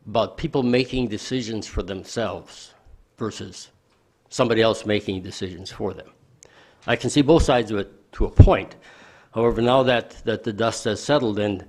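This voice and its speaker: A man speaking as a county supervisor at a board meeting, conversational and anecdotal. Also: fairly low pitch. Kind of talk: public meeting remarks.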